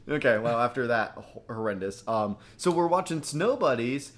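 A man's voice: medium pitch, animated, moderate pace. Podcast co-host, young man; casual, rambling, profane delivery. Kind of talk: casual chat.

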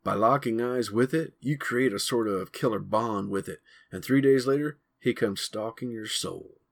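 A man's voice: on the low side, moderate pace, creaky. A man voicing a sly teen storyteller boy. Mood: insistent.

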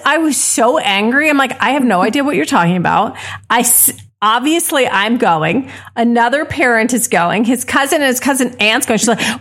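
Fired-up podcast co-host mom, fairly high voice, ranting storyteller. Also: female voice, animated, normal speed, a bit bright. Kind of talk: casual chat.

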